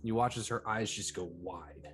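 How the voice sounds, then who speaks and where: A man's voice: on the low side, moderate pace, over music. A man narrating a tabletop game as game master, in loose, filler-heavy speech.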